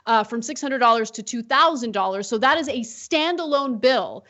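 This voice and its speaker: Measured woman co-hosting political commentary. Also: a little high, lively intonation, bright, forceful tone. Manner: measured, explanatory, many fillers.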